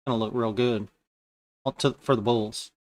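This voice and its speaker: A man talking through his futures trades live as they happen. His speech is loose and colloquial, full of slang, and he thinks aloud in a relaxed, conversational way at an ordinary pitch. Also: moderate pace. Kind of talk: live trading commentary.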